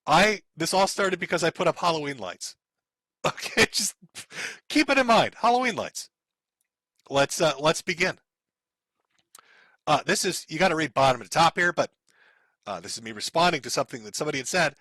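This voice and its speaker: A man's voice: fairly high pitch, brisk, long pauses, sharp tone, dry recording, low-quality recording. A man streaming, giving sarcastic, profane commentary while reading out posts and chuckling often.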